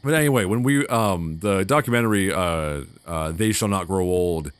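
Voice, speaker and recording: A man's voice: sits low, moderate pace, clean tone. A man commenting on a horror video game as he plays, swearing a lot and getting easily flustered. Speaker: gamer. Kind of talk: let's play commentary.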